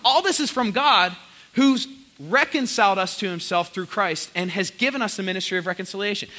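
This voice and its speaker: Young male pastor, high bright voice, animated sermon storyteller. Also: poor audio. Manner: energetic storytelling with quick voiced asides.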